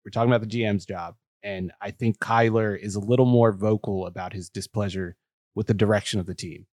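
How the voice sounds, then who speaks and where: A man co-hosting a football podcast, laying out measured, matter-of-fact predictions. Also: fairly low pitch, fairly even intonation, darkish tone, no room sound, studio quality. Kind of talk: casual sports analysis.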